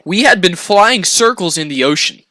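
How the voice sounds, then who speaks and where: Animated, bright-voiced young man telling a story. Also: high-pitched, moderate pace. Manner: animated, profane, laughs through the telling. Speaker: podcast storyteller. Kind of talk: casual storytelling chat.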